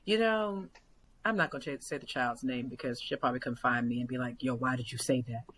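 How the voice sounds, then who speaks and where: A young adult woman, a basketball coach, chatting as a podcast guest in animated storytelling with lots of "like" fillers. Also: a bass voice, brisk, slight background noise, low-quality recording. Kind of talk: casual podcast conversation.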